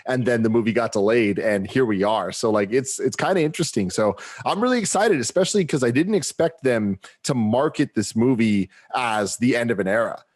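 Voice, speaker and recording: A man's voice: mid-range voice, brisk, hardly any pauses, darkish tone. A man co-hosting a podcast, chatting casually and rambling with many fillers. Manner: rambling with many likes and restarts. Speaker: podcast co-host. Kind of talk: casual chat.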